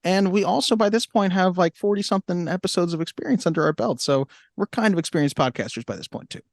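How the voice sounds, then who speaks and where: A man's voice: sits high, fast, vocal fry, no echo, clean studio sound. A man co-hosting a film podcast, speaking casually with wry, teasing asides. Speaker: podcast co-host. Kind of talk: casual chat.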